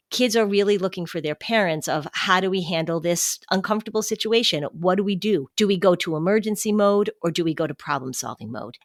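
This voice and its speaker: Low-voiced woman podcast host. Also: no echo, studio quality. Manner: animated, acts out quoted voices. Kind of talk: casual podcast talk.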